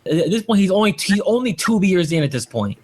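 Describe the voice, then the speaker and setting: A man's voice: sits high, very animated, fairly quick, a little mellow, slightly rough. A man hosting a podcast in casual chat, rambling and swearing with frequent restarts. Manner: profane, rambling with many restarts. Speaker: podcast host.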